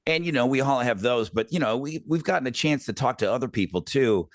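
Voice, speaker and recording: A middle-aged man hosts a podcast, wandering through a story with plenty of ums and restarts. His pitch rises and falls a lot as he talks. The recording is dry, with no room sound. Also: brisk, no echo. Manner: rambling, animated anecdotes with many fillers. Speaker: podcast host. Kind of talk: casual storytelling chat.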